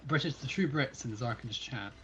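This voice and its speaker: A man's voice: medium pitch, lively intonation, moderate pace, fairly bright tone, muffled recording, a little hiss or hum. A Scottish man chatting casually as a fellow player on a gaming livestream, playfully opinionated. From Scotland.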